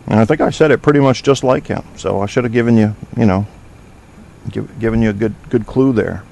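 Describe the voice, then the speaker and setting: A man's voice: fairly low pitch, fairly even intonation, brisk, gravelly, darkish tone. A man hosting a casual talk show from his studio, rambling through provocative, joking banter with plenty of fillers. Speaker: podcast host. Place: home studio.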